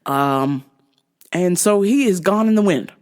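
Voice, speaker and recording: A woman's voice: on the low side, animated, a little slow, darkish tone. A woman podcast host telling a comic story, profane and exasperated.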